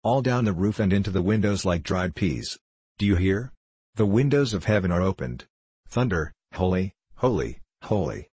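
A man's voice: deep voice, lively intonation, moderate pace, darkish tone, husky, no room sound. A man doing a scolding old pilgrim woman. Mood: fretful.

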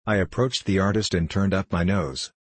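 Deep husky male storyteller. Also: moderate pace, no room sound. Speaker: audiobook reader. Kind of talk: scripted narration of a classic story.

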